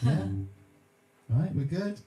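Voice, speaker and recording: A man's voice: a little high, animated, takes it slowly, mellow. A man hosting a live music stream, chatting casually between songs, teasing and reading out viewer names. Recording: roomy echo with music behind.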